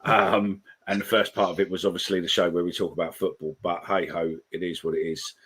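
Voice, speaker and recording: A man's voice: deep voice, flat delivery, brisk, a bit bright, breathy edge. A man, hosting a live call-in podcast, swearing freely as he reads out comments. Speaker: podcast host.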